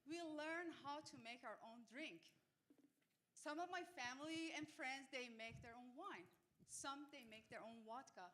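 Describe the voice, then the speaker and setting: A woman from Iran telling a short personal story to a group, in short, deliberate sentences. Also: sits high, a bit bright. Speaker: speaker getting feedback.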